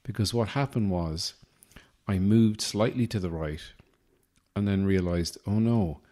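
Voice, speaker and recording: An Irish podcast host delivers a rambling, self-deprecating comic monologue with a wry manner. He has a deep, dark voice and talks a little slowly.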